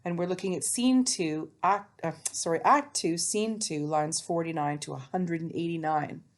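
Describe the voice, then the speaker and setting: A woman's voice: lowish voice, moderate pace. Woman teacher explaining step by step. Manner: chatty, explains step by step, self-mocking. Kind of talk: remote English lesson. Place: alone, recording for students at home.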